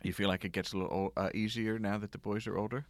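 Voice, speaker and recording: A man with a very low voice hosts a relaxed interview, rambling through anecdotes with many fillers and small chuckles. The studio sound is dry and close. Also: quick pace, no room sound. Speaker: podcast host. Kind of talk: casual interview chat.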